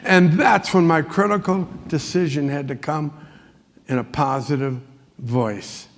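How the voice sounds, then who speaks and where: Gravelly high-voiced man telling folksy stories. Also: measured pace. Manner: folksy anecdotes with frequent chuckles. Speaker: motivational speaker. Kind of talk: motivational keynote storytelling. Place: large conference hall. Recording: long hall reverb.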